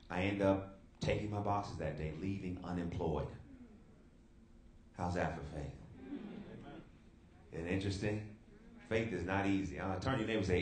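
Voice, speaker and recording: A man giving his faith testimony to a live youth audience in a big hall, lively, calling out to the crowd and rising sharply in pitch when he gets excited. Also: moderate pace.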